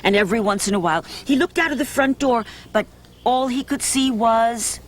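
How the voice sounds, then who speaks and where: A woman's voice: on the high side, moderate pace. A middle-aged woman hosting a children's show, reading a story and coaching a dance in a coaxing, sing-song way.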